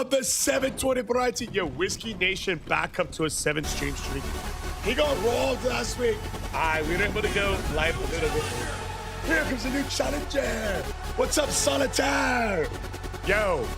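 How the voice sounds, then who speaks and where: A young man live-streaming a game, greeting chat loudly with hype shouts and frequent swearing. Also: on the high side, gravelly. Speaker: gaming streamer.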